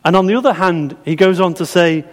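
A middle-aged man preaches a chatty sermon, often putting questions to the congregation. His voice sits high and moves a little fast, with a long hall reverb around it.

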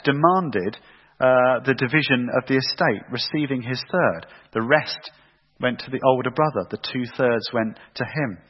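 A man's voice: a little high, breathy edge. A man preaching a sermon with emphatic repetition and rhetorical questions. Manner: emphatic, repeats phrases for effect, asks rhetorical questions. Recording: echoey hall, dull lo-fi sound.

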